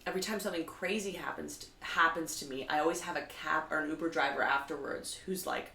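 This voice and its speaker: A woman co-hosting a live comedy show, telling animated stories in casual chat, her voice jumping high when she gets excited. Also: fast, gravelly. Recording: echoey room, mic at a distance.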